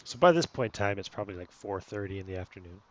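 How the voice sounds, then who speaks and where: A man's voice: sits low, animated, fast. Laid-back man running a tabletop game. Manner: casual, laughs often, stumbles over numbers. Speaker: game master.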